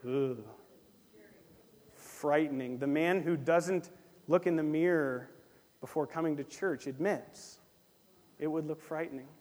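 High-voiced preaching man in a reverberant hall. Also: a little slow, long pauses. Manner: animated preaching, acts out little dialogues, repeats phrases. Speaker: pastor. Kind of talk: sermon. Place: church. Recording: long reverb of a church hall.

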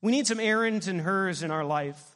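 High-voiced pastor preaching. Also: male voice, normal speed, in a large hall. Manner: animated preaching, asks the congregation questions. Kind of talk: sermon.

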